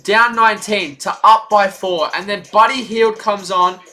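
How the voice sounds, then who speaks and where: A high-voiced man calling a basketball game as a fan, his tone bright and cutting. He talks in an unhurried drawl, then snaps into profane shouts and bursts of laughter at his own team. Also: fairly even intonation, soft background music. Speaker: fan play-by-play commentator. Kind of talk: live fan commentary.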